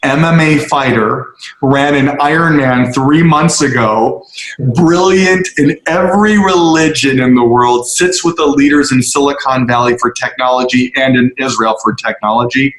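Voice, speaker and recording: A man of middle pitch tells a heartfelt story to a group, leaning into each line with earnest emphasis and playing out the voices in it. His voice carries the echo of a roomy space around him. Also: normal speed, fairly bright tone. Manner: earnest, emphatic storyteller who acts out quotes. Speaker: guest speaker. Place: on location with a tour group.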